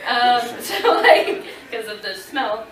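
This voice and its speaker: A woman in her thirties telling a lively story to a convention audience, laughing and acting out what people said. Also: a little high, takes it slowly, noisy background. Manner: animated, laughing, acting out quotes. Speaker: convention panel guest. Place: convention panel room. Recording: echoey room, voice from far off.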